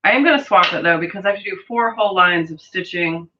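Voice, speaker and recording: A woman's voice: lowish voice, fast, highs cut off, background noise. A woman hosting a sewing livestream, chatting casually and reading viewer comments aloud as she works.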